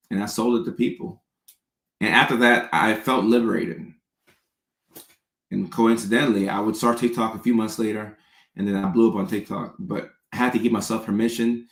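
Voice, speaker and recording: Low gravelly man hosting a livestream. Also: echoey room. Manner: chatty, reads viewer comments aloud and answers them. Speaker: livestream host answering viewer questions. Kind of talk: casual livestream Q&A.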